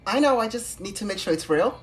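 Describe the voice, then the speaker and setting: A woman's voice: mid-range voice, expressive, a little fast, noisy background, natural voice. A woman playing a fussy, suspicious cashier.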